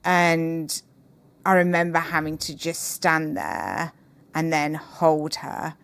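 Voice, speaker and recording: A woman guest in an interview, speaking in an earnest, measured and openhearted way. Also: sits low, gravelly, a bit bright, clear, resonant tone, no echo. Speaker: podcast guest, author. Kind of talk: reflective interview conversation.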